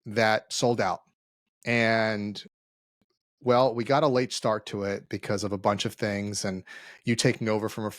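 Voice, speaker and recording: Guy hosting a business podcast, kinda low voice, tells stories and does the voices, dry studio sound. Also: no room sound. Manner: animated storyteller, acts out quoted dialogue. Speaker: podcast co-host, CEO. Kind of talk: casual podcast conversation.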